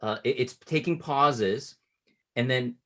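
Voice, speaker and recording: A man coaching a client on closing sales, explaining patiently and acting out sample pitches at different speeds. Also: slow, a bit bright. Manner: instructive, shifts cadence to demonstrate pitches. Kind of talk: casual coaching call.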